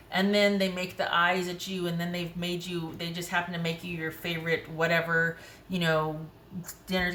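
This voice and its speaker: A woman's voice: fairly low pitch, fairly even intonation, moderate pace, fairly bright tone. A woman giving a tarot reading to camera in a frank, conversational way, talking to herself as she pulls cards. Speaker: tarot reader. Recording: echoey room with faint noise.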